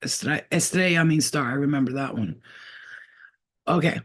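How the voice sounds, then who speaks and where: A woman giving a spiritual reading straight to camera in a casual, blunt and profane way. She repeats points for emphasis and stops often as she sounds out names she says she is receiving. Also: low voice. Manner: halting, trailing off while sounding out names. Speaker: psychic reader.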